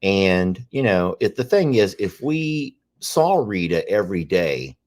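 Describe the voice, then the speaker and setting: A man co-hosting a casual chat, rambling and repeating himself, with sudden high exclamations. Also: very animated, a little slow, darkish tone. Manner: rambling, repeats phrases, jumps up in pitch when exclaiming. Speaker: co-host of a horse sanctuary livestream.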